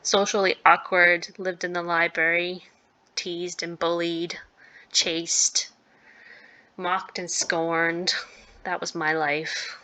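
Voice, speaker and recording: Figure: woman reading shy, unpopular teen girl. Style: visual novel narration. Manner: anxious, earnest. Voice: bright, slow. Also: on the low side, little pitch movement. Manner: anxious, self-deprecating, earnest.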